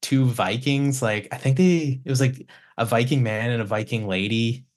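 With a medium-pitched voice and moderate pace, a man appears as a guest recording engineer on a casual podcast. He rambles through studio stories, restarting often, swearing, and imitating clients.

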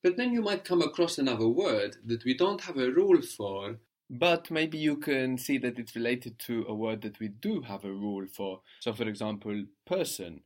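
A man's voice: medium pitch, animated, normal speed, darkish tone. A man teaching a guided language lesson, patient and encouraging, explaining each step and prompting his student.

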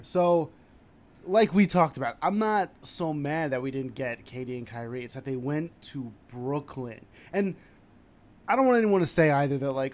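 Guy ranting about his team, gets loud and excited fast, casual podcast talk. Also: medium pitch. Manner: animated, ranting, excitable with sudden loud jumps. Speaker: podcast co-host. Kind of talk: casual sports chat.

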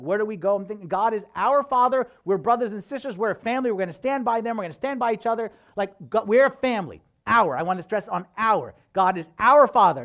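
A man, a priest, preaching a sermon as a conversational, animated story full of casual fillers. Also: sits high.

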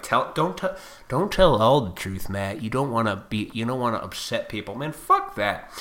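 A man in his forties rants to his viewers in a combative, profane monologue. His voice is bright and forceful. The recording picks up a noticeable echo from the room. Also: mid-range voice. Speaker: vlogger. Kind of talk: ranting monologue to camera. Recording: echoey room.

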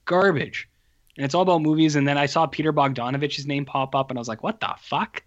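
A man's voice: a little high, fast talker. A man casually chatting on a podcast about movies over a remote call, rambling and profane. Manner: rambling, profane, animated storytelling. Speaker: podcast co-host reviewing movies. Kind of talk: casual chat. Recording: muffled lo-fi call audio.

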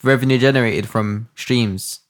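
A man's voice: medium pitch, moderate pace. A man in casual podcast banter, teasing and joking. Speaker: podcast co-host. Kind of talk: casual chat.

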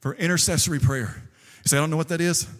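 A male pastor delivers a lively sermon, retelling a story and acting out the quotes. His voice sits high and bright, with a forceful edge. Long reverb from the church sanctuary rings around every word. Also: fast.

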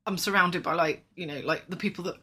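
A woman's voice: lowish voice, fast talker, bright, forceful tone, breathy edge. A woman co-hosting a casual podcast chat, with a light Yorkshire accent, rambling with lots of fillers. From England, Yorkshire. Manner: chatty, rambling, frequent fillers and laughs. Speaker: podcast co-host.

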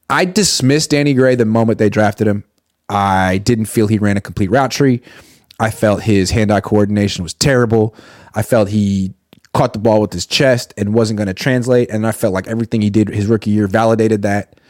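A man's voice: lowish voice, moderate pace, a little mellow, dry recording, clean studio sound. A man hosting a casual sports live stream, reading viewer comments aloud and answering them bluntly, swearing now and then.

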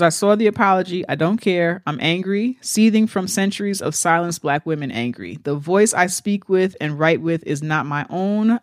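A woman with a lowish voice talks candidly and emphatically, swearing freely as she co-hosts a chat show. Her voice is recorded close and dry, with no room sound at all. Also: no echo. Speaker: podcast co-host. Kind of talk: casual chat, reading quotes aloud.

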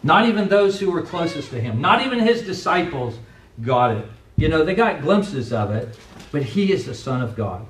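A man's voice: a little high, big pitch swings, moderate pace. A male pastor giving a conversational sermon, asking rhetorical questions and acting out quoted lines. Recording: echoey room from far off, faint noise.

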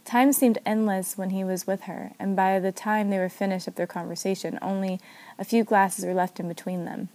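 A woman narrating a story aloud in a steady, even manner. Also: medium pitch, moderate pace. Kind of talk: story reading.

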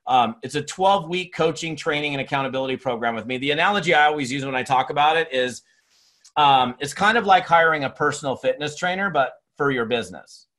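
A middle-aged man, a speaker and trainer, giving an energetic, rambling motivational talk with many restarts. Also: on the high side, fast. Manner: energetic, rambling, repeats himself.

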